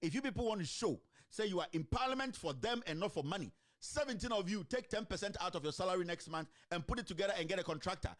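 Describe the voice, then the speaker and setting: A man with a Ghanaian accent delivers animated political commentary in a fairly high voice. He switches between a local language and English and keeps throwing rhetorical questions at his listeners. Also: quick pace, few pauses. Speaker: online commentator.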